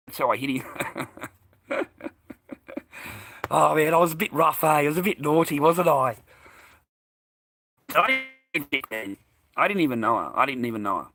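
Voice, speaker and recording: A middle-aged Australian man telling a story in an angry, profane rant, loudly acting out what he yelled. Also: on the high side, lively intonation, normal speed, long pauses, dry recording. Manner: profane, heated, shouting out remembered lines. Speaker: vlogger.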